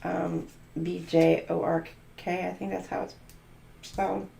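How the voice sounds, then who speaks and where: Woman, tarot reader, slow musing delivery, lower voice, echoey room. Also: little pitch movement, gravelly, dark tone, a little hiss or hum. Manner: slow, musing, free-associating letters and words. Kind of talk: channeled tarot reading.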